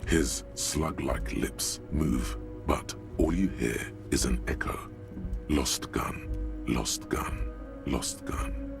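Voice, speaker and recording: An extremely deep voice that sounds like the brooding inner voice of the mind. It is ominous and taunting, and game music plays beneath it. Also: male voice, takes it slowly, creaky, full character voice. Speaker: video game narrator.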